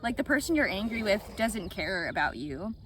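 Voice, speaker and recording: A woman's voice: medium pitch, moderate pace, rough recording. A woman of twenty-seven chatting casually on her vlog, bubbly and giggly, filming on a phone in a car and by the ocean. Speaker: vlogger. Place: in a car, then outdoors by the ocean. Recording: outdoor ambience with steady background noise.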